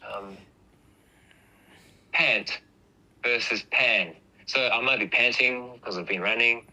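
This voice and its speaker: A man's voice: medium pitch, moderate pace, bright, forceful tone, poor audio. A man casually explaining speech sounds, patiently demonstrating them aloud. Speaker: host.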